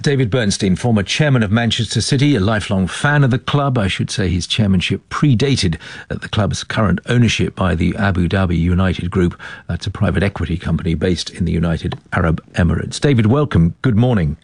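A man presenting a live radio show from the studio, measured as he introduces and questions guests. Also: sits low, husky, dry recording.

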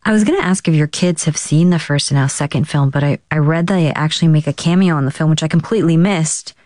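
A woman hosting an interview, asking engaged questions in a smooth, soothing voice. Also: deep voice, fast, darkish tone, no echo. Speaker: interviewer host. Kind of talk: casual interview.

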